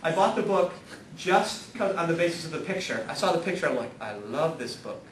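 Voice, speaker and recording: A man giving a humorous spiritual talk as a series speaker, telling stories in an animated, self-deprecating way and reading passages aloud. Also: a little fast. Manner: animated, self-deprecating storyteller, laughs often. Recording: echoey room, distant mic, rumbling noise.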